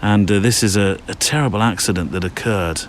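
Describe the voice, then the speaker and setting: Hosting a podcast on a woodland walk, a man rambles in a chatty way packed with fillers. His fairly low voice runs a little fast, with a touch of hiss or hum.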